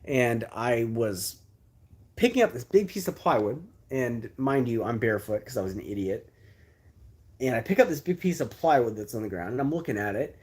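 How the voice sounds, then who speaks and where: A man's voice: medium pitch, lively intonation, normal speed, darkish tone, breathy edge. A man in his thirties from Texas, host of a livestream, telling a personal story casually with many asides and fillers. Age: 30s.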